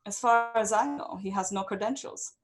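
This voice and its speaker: A woman's voice: mid-range voice, moderate pace, pitched above the performer's own voice, natural voice. A woman voicing a proud noblewoman who insists she must take charge of the town. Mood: defensive. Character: proud noblewoman claiming the town's rule.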